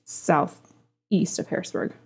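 A woman's voice: slow pace, a little mellow. A woman co-hosting a podcast in casual chat, blunt and playful, swearing freely, with a congested voice. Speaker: podcast co-host.

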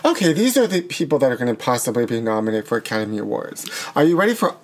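A man's voice: medium pitch, very animated, fast talker. A man hosting a talk show, chatting in a dramatic, gossipy way and calling people honey. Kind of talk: casual banter.

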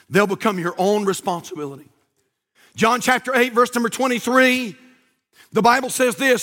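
With a sharp tone and high pitch, a man preaches emphatically and fervently. He elongates key words and quotes from scripture throughout.

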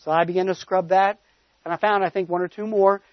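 A man's voice: sits high, fairly even intonation, brisk, dry recording, lo-fi sound. A man preaching a sermon, telling a personal story in a conversational way and pressing points with emphatic rising stresses.

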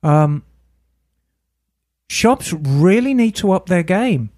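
A woman's voice: lowish voice, expressive, slow pace, dark tone, dry recording, clean studio sound. A woman who runs a motorcycle shop, co-hosting a podcast in frank, chatty talk and laughing easily. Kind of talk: casual podcast chat.

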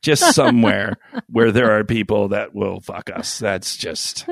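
A man's voice: fairly low pitch, unhurried, creaky, no room sound, clean studio sound. A man co-hosting a crude podcast, telling a rambling, profane story full of fillers. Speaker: podcast co-host. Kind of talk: crude casual podcast banter.

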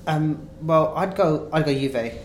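A man's voice: a little high, a little slow, a little hiss or hum, low-quality recording. A man from England chatting casually about football as a co-host, hesitant, with frequent restarts. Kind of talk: casual chat.

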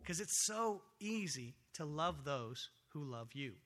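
A man preaching a sermon in a church, animated and conversational, swinging between loud excitement and quiet earnest talk. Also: fairly high pitch, slow. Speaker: pastor. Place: church sanctuary.

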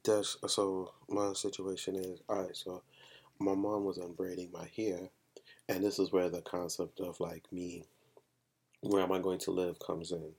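A man's voice: low-pitched, level tone, unhurried, darkish tone, slightly rough. A young man co-hosting a podcast in casual chat, frank and emphatic, often repeating himself. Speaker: podcast co-host.

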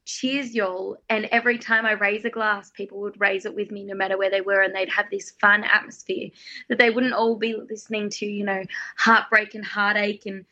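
Bubbly Australian woman, bright voice. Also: mid-range voice, flat delivery, moderate pace, lo-fi sound. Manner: bubbly, enthusiastic storyteller. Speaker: guest singer-songwriter. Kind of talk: casual interview chat. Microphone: phone guest line.

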